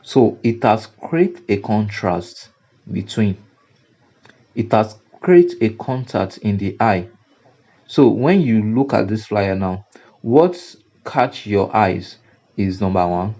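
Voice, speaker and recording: A graphic design instructor with a Nigerian English accent leads a screen-recorded software tutorial, speaking slowly and repeating himself to drive each point home. His low, mellow voice comes through a dull, lo-fi recording, and his emphatic teaching is full of fillers and restarts.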